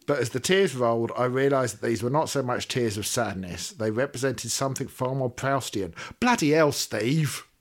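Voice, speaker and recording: A man's voice: medium pitch, a little fast, hardly any pauses. A man co-hosting a podcast, reading a listener's letter aloud steadily and adding wry asides. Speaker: podcast co-host.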